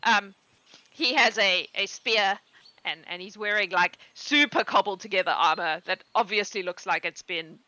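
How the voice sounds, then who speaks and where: Bright-voiced woman game master. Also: mid-range voice, normal speed, dry recording, low-quality recording. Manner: hesitant, with many fillers. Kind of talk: narrating a tabletop game.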